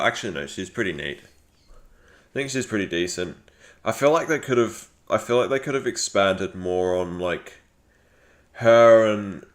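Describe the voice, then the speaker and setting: A man talks casually on a live stream, rambling through his thoughts with plenty of fillers and false starts. His voice sits fairly low, and he speaks at an unhurried, drawn-out pace. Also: fairly bright tone. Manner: rambling, frequent fillers and restarts.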